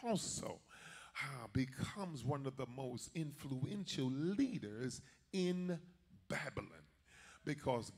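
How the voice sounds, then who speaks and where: Slow, husky preaching man. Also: medium pitch, lively intonation, darkish tone. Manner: folksy preaching, addresses the congregation directly. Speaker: bishop. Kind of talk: sermon.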